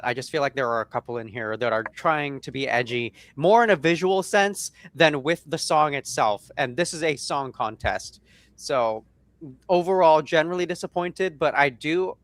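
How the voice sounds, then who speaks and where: A man co-hosting a casual chat stream, slightly hoarse, talking in a chatty, rambling way. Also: mid-range voice, a bit bright, no room sound. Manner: chatty, rambling, quick laughs. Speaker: co-host.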